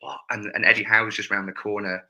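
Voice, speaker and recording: Casting: lowish, very bright male commentator, animated anecdotes. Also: a little fast, low-quality recording. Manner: animated, self-deprecating storyteller. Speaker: football commentator guest. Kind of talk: casual chat.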